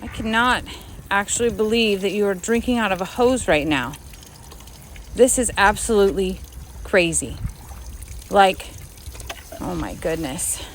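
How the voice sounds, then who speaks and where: A woman's voice: mid-range voice, a little slow, long pauses. A woman, vlogging casually outdoors on a farm as she does chores and chats fondly to her animals. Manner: chatty, talks fondly to the animals. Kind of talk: casual vlog while doing farm chores. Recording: loud outdoor noise behind the voice. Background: chickens and a rooster clucking.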